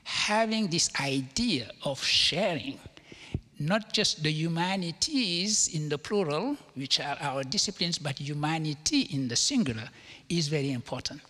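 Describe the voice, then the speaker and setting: A man from Africa speaking on a panel in a measured, lecturing way, stressing key words. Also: a little high, expressive, bright, forceful tone. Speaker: panel guest, philosopher. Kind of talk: panel discussion. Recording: reverberant lecture hall.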